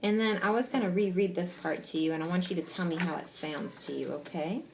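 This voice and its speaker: A woman's voice: lowish voice, background noise. Patient woman teacher sounding words out. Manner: patient and encouraging, sounds out words slowly and asks guiding questions. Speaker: reading teacher. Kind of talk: one-on-one reading lesson with a child.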